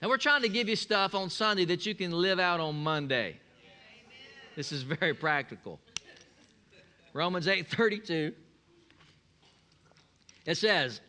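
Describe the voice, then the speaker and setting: A preacher man with a high, ringing voice, delivering a sermon full of folksy humor. He tells stories with a grin and calls the congregation to answer back. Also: bright, forceful tone. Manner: folksy, humorous storytelling with call-and-response. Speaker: pastor.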